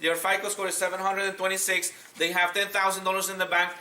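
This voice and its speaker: High bright-voiced man teaching a seminar. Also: level tone, fast, echoey room, recorded from a distance. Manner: direct, repeats words, acts out phone calls. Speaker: real estate and mortgage instructor.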